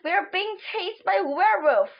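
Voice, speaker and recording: A woman's voice: very high voice, expressive, slow pace, pitched above the performer's own voice, heavily acted. A woman reading a panicky schoolboy's lines, stammering and frantic. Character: panicky schoolboy narrator, Zack. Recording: dull lo-fi recording.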